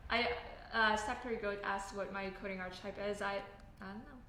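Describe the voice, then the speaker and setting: A Canadian woman chatting on a relaxed livestream, her tone bright and forward. She rambles with constant fillers and restarts. The audio is captured in an echoey room with a faint hiss underneath. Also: medium pitch. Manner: rambling, filler-heavy, self-correcting. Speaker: livestream host reading chat. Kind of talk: casual live chat while building.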